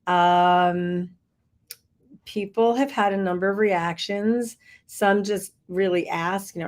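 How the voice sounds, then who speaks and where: A woman's voice: medium pitch, steady tone, takes it slowly. A woman leading a workshop, talking casually from her office with frequent laughs, fillers and restarts. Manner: chatty, laughs often, many fillers and restarts. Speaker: workshop leader. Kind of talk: casual spoken update to a group. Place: her office with big windows.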